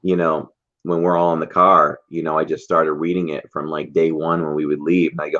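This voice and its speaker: Deep-voiced chatty man on a livestream. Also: little pitch movement, brisk, fairly bright tone. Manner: chatty storyteller, teasing, laughs often. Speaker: livestream co-host. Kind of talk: casual chat. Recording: dull lo-fi stream audio.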